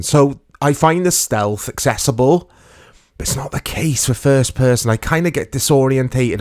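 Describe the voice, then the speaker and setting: Chatty British gaming host. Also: male voice, mid-range voice, lively intonation, measured pace, a little mellow, no room sound. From United Kingdom. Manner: chatty, rambling, self-deprecating. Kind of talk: casual let's-play commentary.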